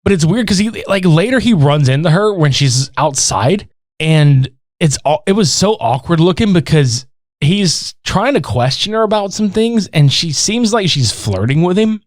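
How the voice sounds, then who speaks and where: A man co-hosts a movie podcast, telling scenes with a lively voice that swings up and down and sits a bit high. The sound is dry and close. He swears freely and slips into the characters' lines as he goes. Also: normal speed, no echo. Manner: animated storytelling, heavy swearing, acts out quotes. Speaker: podcast co-host. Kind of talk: casual chat, movie recap.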